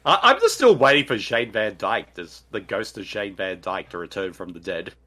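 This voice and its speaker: Lively, bright-voiced man joking through a movie. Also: lowish voice, moderate pace. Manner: animated, jokey, laughs often. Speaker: podcast co-host. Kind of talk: casual movie commentary chat.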